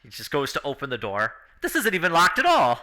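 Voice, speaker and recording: A male game master narrates a tabletop game, often laughing between lines. His voice is very bright and lively, swinging up and down in pitch, and sits a little high. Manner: lively, laughing, drops into quick character voices.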